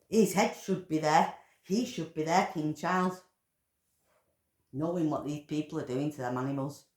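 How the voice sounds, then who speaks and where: A woman's voice: deep voice, normal speed. A woman ranting in angry commentary, full of swearing and emotional outbursts. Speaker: vlogger commentator. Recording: echoey room.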